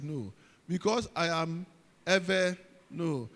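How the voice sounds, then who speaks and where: A high-voiced man with a Ghanaian accent preaches with emphatic, repeated phrases and calls out to his congregation. His voice carries a long reverb from a big hall. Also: lively intonation, normal speed, pauses often, a bit bright. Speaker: pastor. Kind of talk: sermon.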